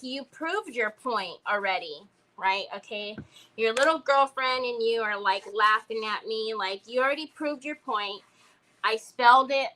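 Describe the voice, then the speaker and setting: A woman's voice: fairly high pitch, pushed and bright, low-quality recording. A woman, chatting casually and rambling through a story while she crafts on a livestream. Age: 50s. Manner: chatty, rambling, addresses viewers as y'all.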